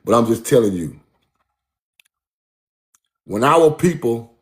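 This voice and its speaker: A man's voice: medium pitch, lively intonation, slow pace. Emphatic man giving a casual lecture. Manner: emphatic, repeats himself, addresses listener as bro. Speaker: speaker giving a talk. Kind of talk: casual street-style lecture.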